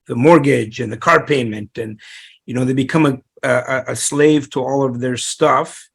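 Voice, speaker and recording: A man's voice: mid-range voice, moderate pace, creaky, husky. A middle-aged man, a real estate investor, telling his story in an interview, rambling with many restarts and fillers.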